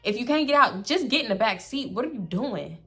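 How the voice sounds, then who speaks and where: A young woman telling a story to camera, casual, animated and blunt, swearing freely. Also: fairly high pitch, brisk. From Houston, Texas. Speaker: storytime vlogger.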